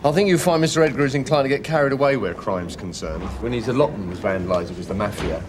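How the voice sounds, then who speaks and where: An actor playing a dry, dismissive senior police officer in a TV police drama. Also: male voice, medium pitch, fast talker, background noise, natural voice.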